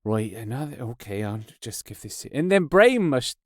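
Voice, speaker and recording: A man voicing a weary male touring musician, bored and drained, who talks in a flat, mumbled way. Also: measured pace, no echo, studio quality. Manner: flat, mumbled and low-energy.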